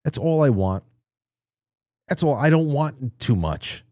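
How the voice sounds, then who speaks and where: A man's voice: medium pitch, expressive, slow pace, darkish tone, no echo, clean studio sound. A man hosting a live show, chatting casually and candidly with his audience, rambling and swearing now and then. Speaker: podcast host. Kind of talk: casual livestream chat. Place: dim small studio room.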